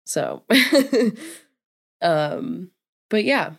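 A woman's voice: low-pitched, a little slow, a little mellow. A young woman hosting her own podcast alone at home, sounding congested and nasal from a cold, rambling candidly with fillers and laughs. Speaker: podcast host. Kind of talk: casual solo podcast monologue.

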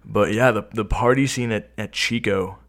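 A young man chatting casually as a guest, rambling in a relaxed way and often tagging his sentences with "right?". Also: on the low side, moderate pace. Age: young adult. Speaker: interviewee. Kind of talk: casual chat.

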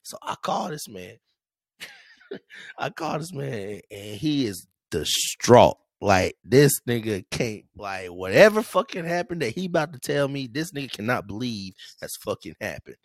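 A man's voice: medium pitch, a little slow, no room sound. A man tells a story on a casual podcast, swearing freely and acting out every quote. His voice swings up and down. The sound is dry and close to the mic. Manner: animated, profane, laughing, acts out quotes. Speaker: podcast host.

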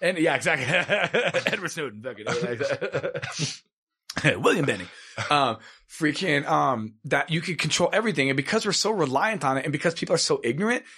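A man with a somewhat raised voice rants in a loose, animated conversation. He swears freely, piles up "dude" and "like", and jumps from one thought to the next. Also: on the high side, normal speed, breathy edge. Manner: profane, rambling and animated, heavy on "dude" and "like". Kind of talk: casual chat.

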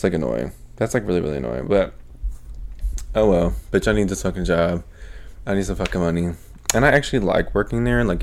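A young man hosting a podcast, telling a story as a casual, animated rant full of profanity. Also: sits low, creaky, slight background noise. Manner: profane, animated, swears constantly. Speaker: podcast host.

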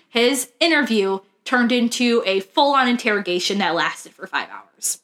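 A woman hosts a true crime podcast in a loose, conversational way. She tells the case with plenty of "um" and "like" fillers. Her voice is bright and forward. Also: a little high, lively intonation, moderate pace, hardly any pauses. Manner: chatty, laughs often, fillers like "um" and "like". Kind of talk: casual true crime chat.

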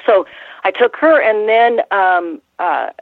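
An older woman, a guest in an interview, telling stories in a rambling, halting way with frequent restarts and laughs. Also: medium pitch, lively intonation, no room sound. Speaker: guest, former ring announcer. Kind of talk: casual interview storytelling. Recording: tinny phone line.

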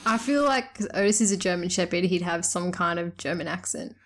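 A woman's voice: on the low side, fairly quick. A woman from Australia, co-hosting a casual podcast in an easygoing way and laughing often. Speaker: podcast co-host. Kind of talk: casual chat.

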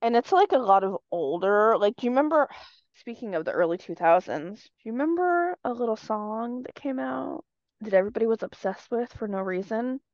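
A woman's voice: fairly high pitch, lively intonation, darkish tone, no echo. Woman, casual podcast chat, blunt opinions, dull dry sound. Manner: opinionated, quick to reject slang she dislikes. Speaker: podcast co-host.

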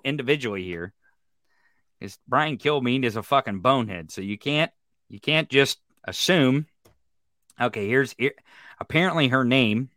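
Man, ranting commentary, heavy swearing, bright tense voice, dry sound. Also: mid-range voice, no room sound. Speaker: political commentary streamer. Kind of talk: profane reaction commentary.

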